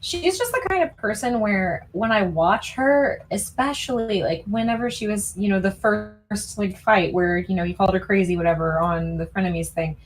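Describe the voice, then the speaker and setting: A woman's voice: mid-range voice, normal speed, hardly any pauses, a little hiss or hum, poor audio. A woman in casual podcast chat, complaining heatedly with lots of filler words. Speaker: podcast co-host.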